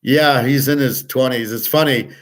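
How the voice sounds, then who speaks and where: A man's voice: medium pitch, moderate pace, fairly bright tone. An older man hosting a show, talking in a rambling, blunt personal monologue with frequent profanity. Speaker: show host.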